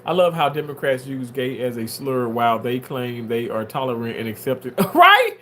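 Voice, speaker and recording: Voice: fairly even intonation, normal speed, slight background noise. Theatrical livestreamer reading chat aloud. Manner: theatrical, swings into shrill mock wailing; drawling, filler-heavy talk. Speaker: livestreamer reading viewer comments. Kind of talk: casual live-stream chat.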